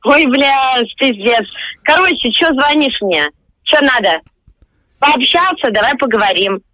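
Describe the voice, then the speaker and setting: A woman's voice: high-pitched, animated, a little slow, pushed and bright, no echo. A young woman in her twenties with a Russian accent and Russian as her first language, speaking blunt, irritated broken English on a phone call. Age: 20s. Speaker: prank call target.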